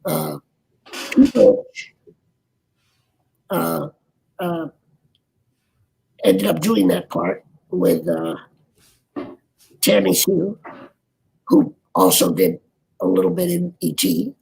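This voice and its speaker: Older man, gravelly and husky, halting interview chat, voice leaps up and down. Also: on the high side, big pitch swings, darkish tone, poor audio. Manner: rambling, halting, many restarts. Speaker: actor guest. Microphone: video call.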